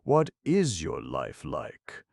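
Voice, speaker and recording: A man's voice: rumbling low, wildly swooping pitch, slow, vocal fry, a little mellow, no room sound, clean studio sound, exaggerated voice. A man voicing an earnest young man who pleads urgently. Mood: pleading. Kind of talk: audiobook reading.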